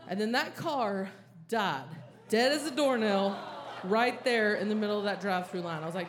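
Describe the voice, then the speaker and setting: A woman stand-up comedian, telling a story on a comedy club stage with lively, frantic acted-out panic. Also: mid-range voice, moderate pace. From American South. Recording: audible live crowd ambience.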